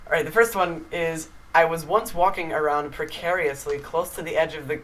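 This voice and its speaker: A woman's voice: sits low, steady tone, moderate pace, fairly bright tone, low-quality recording. A woman on a casual podcast, playfully reading out stories and adding dry jokes. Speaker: podcast guest reading the game prompts.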